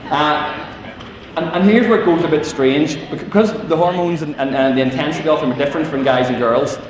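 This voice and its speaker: Northern Irish man, middle-aged, youth speaker: humorous storytelling, acted asides, boomy hall sound with long reverb. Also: brisk, crowd noise. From Northern Ireland. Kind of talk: humorous talk to teenagers. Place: large civic hall. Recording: echoey hall from far off.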